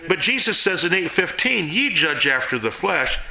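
A man giving a casual sermon to a small group, folksy and animated, jumping between loud and hushed. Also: a little high, normal speed, vocal fry, echoey room. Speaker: Bible teacher.

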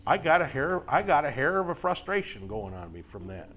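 A man's voice: fairly high pitch, a little fast, slight background noise. A middle-aged man teaching a conversational sermon to a live group, folksy and joking, constantly checking with rhetorical questions. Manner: asks frequent rhetorical questions and tag checks; folksy, lively, jokes with listeners. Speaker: Bible teacher.

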